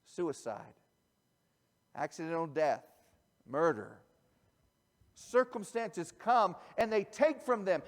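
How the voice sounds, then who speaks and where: A high-pitched man preaching in a church, talking in a loose, conversational way that drops soft and then rises hard for emphasis. His voice rings out with a long hall reverb around it. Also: big pitch swings, slow, long pauses. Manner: conversational, swings from soft asides to shouted emphasis. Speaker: pastor. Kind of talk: sermon. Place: church sanctuary.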